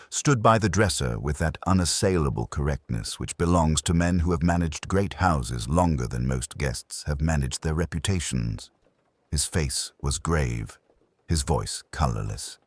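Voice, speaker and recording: A man narrating a classic detective mystery in a measured, expressive reading. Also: rumbling low, breathy edge, no room sound. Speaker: audiobook narrator.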